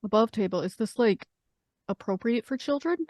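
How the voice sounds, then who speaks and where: A woman's voice: on the high side, normal speed, darkish tone, no room sound, clean studio sound. A woman playing a tabletop game in character, hesitant and stammering. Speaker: player.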